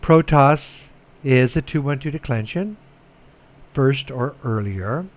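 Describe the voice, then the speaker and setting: A middle-aged man giving a recorded lecture, slow and methodical, repeating words so students can follow. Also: medium pitch, animated. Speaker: Greek teacher.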